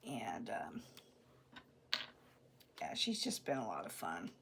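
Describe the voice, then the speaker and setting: A woman's voice: very deep voice, huge pitch swings, takes it slowly, creaky, a bit bright. Lady chatting while she crafts, rambly, lots of restarts, slips into whispery little asides. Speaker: crafting vlogger. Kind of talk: casual chat while crafting.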